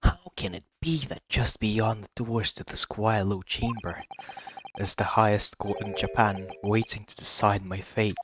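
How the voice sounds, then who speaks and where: A man's voice: on the low side, steady tone, measured pace, fairly bright tone, slight background noise. A man voicing an earnest, nervous young male law student who sounds anxious and apologetic.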